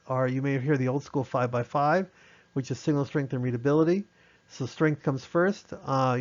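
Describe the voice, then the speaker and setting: A man's voice: mid-range voice, a little mellow, highs cut off. A man teaching an online amateur radio class in a conversational way, acting out short radio exchanges as examples.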